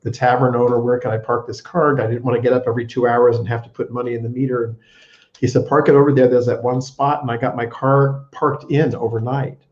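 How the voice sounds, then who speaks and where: A man's voice: mid-range voice, level tone, fast, reverberant, lo-fi sound. A man telling a story on a video call as a guest, stammering and repeating words, self-deprecating.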